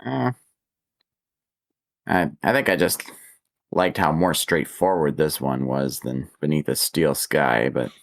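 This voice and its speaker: A mild-mannered man chats casually on a podcast and sometimes hesitates mid-thought. His voice is deep and low. The recording is dry and close. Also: slow, gravelly, long pauses, no echo. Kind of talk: casual chat.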